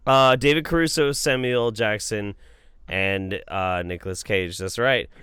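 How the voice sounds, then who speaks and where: A young man hosting a podcast, telling a story in casual chat, loose and profane, doing quick voices for the people he quotes. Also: fairly low pitch, fairly bright tone, smooth, no room sound, studio quality. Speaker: podcast host.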